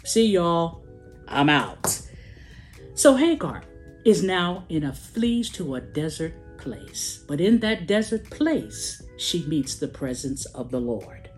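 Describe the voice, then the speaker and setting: A woman preaching a sermon, slow and emphatic, with dramatic pauses and a sing-song rise and fall. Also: low voice, very animated, a little mellow, faint music behind.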